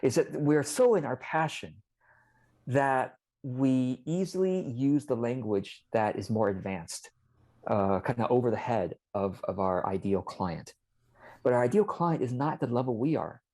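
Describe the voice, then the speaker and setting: A man's voice: medium pitch, mellow. A man as an interview guest, explaining casually and animatedly and acting out little quoted exchanges.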